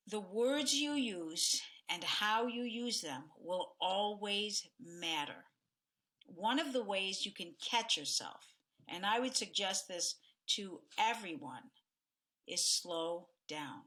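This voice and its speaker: At medium pitch and an unhurried pace, a middle-aged woman coaches listeners on her self-help podcast. She's expressive throughout, voicing example dialogue in a range of different tones.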